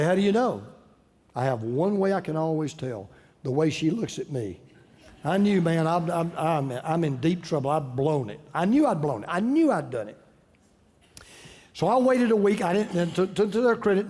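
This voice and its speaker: A man delivers a sermon from the pulpit, speaking high in his register. He tells stories in an easy, conversational way and hammers his points by repeating phrases. His voice carries through a sanctuary with a long, lingering reverb. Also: a little mellow. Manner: conversational storytelling, repeats key phrases for emphasis. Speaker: pastor.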